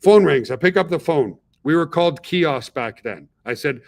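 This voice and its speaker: A man's voice: a little high, fairly quick, hardly any pauses. Middle-aged male webinar host; casual, chatty founder type who checks in with his audience a lot. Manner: chatty, peppers talk with "okay?" and "guys".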